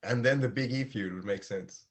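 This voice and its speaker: A man's voice: medium pitch, normal speed. A young man co-hosting a casual podcast, blunt and dismissive in his opinions, laughing often. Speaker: podcast co-host. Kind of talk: casual chat.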